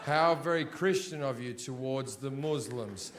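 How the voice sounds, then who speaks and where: A man's voice: medium pitch, measured pace, very noisy. A male stand-up comedian doing a blunt, profane, sardonic set on a live stage. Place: live comedy venue before an audience.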